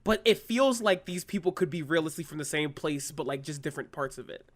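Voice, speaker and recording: A man co-hosting a podcast in casual chat, animated and swearing freely. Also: fairly high pitch, fast talker. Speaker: podcast co-host.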